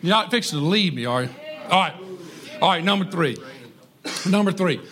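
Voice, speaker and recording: A man's voice: sits high, animated, normal speed, long pauses, a bit bright. A man preaching a sermon in a folksy, conversational way, with joking asides to the congregation. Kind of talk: sermon on parenting.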